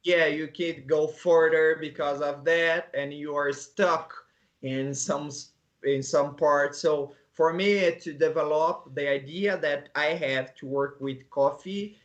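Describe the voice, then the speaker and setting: A Brazilian man, a Portuguese native speaker, talking casually as an interview guest in halting English with many restarts and soft laughs. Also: a little high, fairly even intonation, dull audio. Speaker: guest, coffee agronomist.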